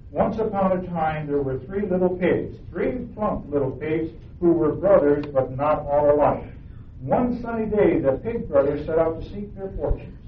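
Earnest preacher guy reading a kids story in a sermon, a bit high voice, far from the mic. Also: slight background noise. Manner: earnest, emphatic. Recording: echoey, tinny, from far off.

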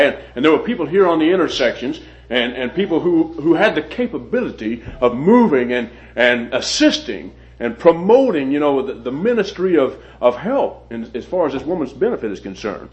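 A man preaching a sermon and telling a personal story, halting and often repeating his words. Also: on the high side. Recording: dull lo-fi recording.

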